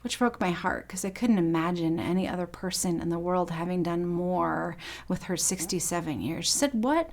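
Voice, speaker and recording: A woman's voice: lowish voice, fairly even intonation, moderate pace. A middle-aged woman pastor giving a sermon, telling personal stories in an earnest way.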